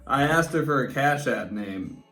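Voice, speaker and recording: A man in his twenties, laid-back and halting, casually telling how he met his partner. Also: medium pitch, lively intonation, pushed and bright, faint music behind. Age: 20s. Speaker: co-host telling a couple's story. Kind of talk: casual chat. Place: indoors at home in front of a screen.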